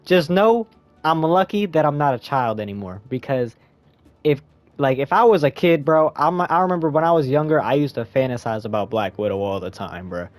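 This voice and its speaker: A young man talks through a movie review in loose, slangy rambles, now and then jumping into a squeaky high voice. The sound is dry and close. Faint music plays underneath. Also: lively intonation, moderate pace, no room sound. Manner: rambling, slangy, jumps into high squeaky voice when quoting himself. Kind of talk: casual spoken movie review.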